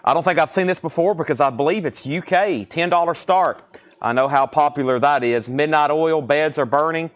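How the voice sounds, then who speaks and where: A man with a Southern US accent hosts a live-streamed record sale. His voice sits a little high for a man. He chats and rambles as he calls out titles and starting prices. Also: normal speed. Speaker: live auction host. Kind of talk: live-stream sales patter.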